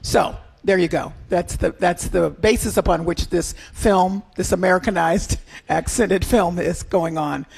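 A woman's voice: fairly low pitch, steady tone, measured pace, vocal fry, few pauses, darkish tone, husky. A woman hosting a radio arts and culture chat, wry with laughing asides. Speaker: radio show host.

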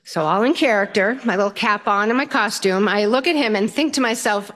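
Lively older woman telling a story. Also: medium pitch, fairly quick, few pauses. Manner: lively, self-mocking, humorous. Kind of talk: personal story told to an audience.

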